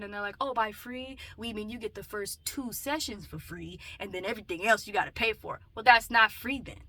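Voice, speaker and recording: Bright-voiced chatty woman vlogger. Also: fairly high pitch. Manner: chatty and animated, swings between loud bursts and muttered asides. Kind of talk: casual talking-to-camera vlog.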